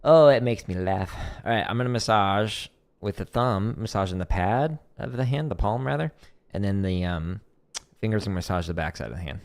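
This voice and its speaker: A man casually talking through a drum practice stream, explaining relaxed with a dry, deadpan humor. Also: lowish voice.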